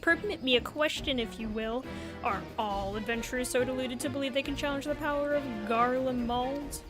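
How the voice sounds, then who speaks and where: A woman's voice: high-pitched, normal speed, music in the background, pitched above the performer's own voice, lightly acted. A woman reading aloud as a greedy, scheming male traitor sailor in dramatic game dialogue. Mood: gloating.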